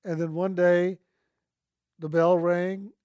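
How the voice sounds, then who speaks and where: A man shares a spiritual testimony in a gentle, earnest storytelling voice. He often lingers on and repeats his key words. His voice sits somewhat high, and it is recorded close up in a dry space with no room echo. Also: flat delivery, slow pace, clean tone, highs cut off. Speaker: speaker sharing a personal testimony.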